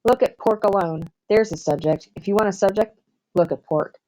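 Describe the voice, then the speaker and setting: A woman's voice: mid-range voice, normal speed, dark tone, pitched above the performer's own voice, close to an everyday voice, low-quality recording. A woman with a Southern US accent voicing a pompous, self-satisfied older man who lectures at the dinner table. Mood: pompous lecturing.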